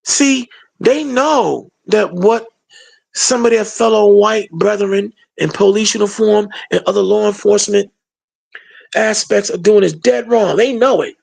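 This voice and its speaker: Gravelly, sarcastic commentator. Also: medium pitch, measured pace, a little mellow. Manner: emphatic, colloquial, sarcastic. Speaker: political commentator. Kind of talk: opinion monologue.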